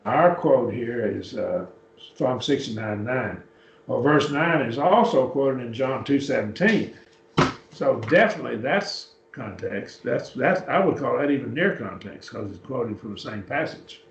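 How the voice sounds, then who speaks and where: A man's voice: mid-range voice, lively intonation, gravelly. A man teaching a Bible class, explaining Greek word forms step by step as he works a computer. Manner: unhurried, explains step by step while working a computer. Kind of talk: classroom lecture on Greek words. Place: church classroom. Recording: echoey room, distant mic, dull lo-fi.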